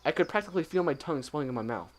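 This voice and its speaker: A man hosting a let's play, reading a visual novel aloud quietly with joking asides. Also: on the high side, lively intonation, racing, low-quality recording.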